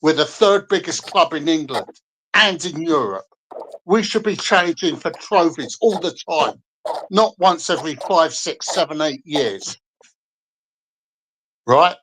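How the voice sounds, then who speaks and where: A man's voice: on the high side, expressive, measured pace, pauses often, fairly bright tone, slight background noise, poor audio. A man calling in to a fan stream, ranting angrily and swearing at another fan. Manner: angry, swearing, combative. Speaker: guest caller. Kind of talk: heated fan rant.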